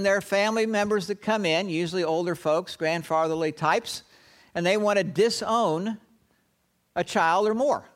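A man preaching a sermon, telling the story dramatically and often dropping to a hushed, low tone. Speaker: pastor.

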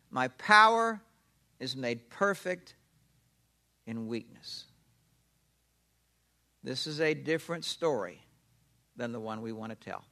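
A man preaching a sermon, animated and emphatic, asking questions and answering them himself. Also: mid-range voice. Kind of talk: expository sermon.

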